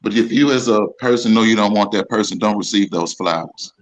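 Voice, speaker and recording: A man's voice: on the low side, a little fast, poor audio. A man in a casual group chat, talking emphatically, teasing and repeating himself. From Texas.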